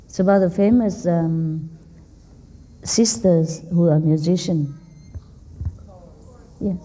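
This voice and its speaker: A woman's voice: on the low side, slow, dark tone. A woman spiritual teacher giving an informal talk to an audience in a hall, teasing and laughing often, in simple non-native English.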